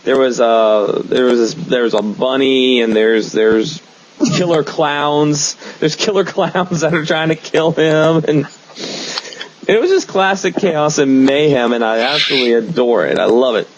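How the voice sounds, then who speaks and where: A man's voice: mid-range voice, a little slow, slight background noise. A man hosting a casual comic-book podcast, rambling enthusiastically with many fillers. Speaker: podcast host. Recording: dull lo-fi podcast recording.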